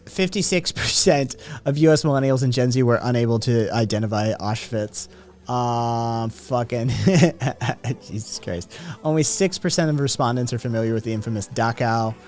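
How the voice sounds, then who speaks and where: Over faint background music, a man with a slightly mellow, medium-pitched voice runs a casual livestream at a normal pace. Reading out stats and chat messages, he responds with sardonic comments laced with profanity.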